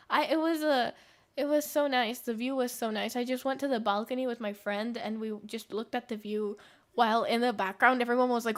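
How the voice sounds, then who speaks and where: A woman's voice: a little high, steady tone, brisk. Young woman rambling through a story. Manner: rambling anecdotes with fillers and laughs. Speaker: streamer. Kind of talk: casual chat while gaming.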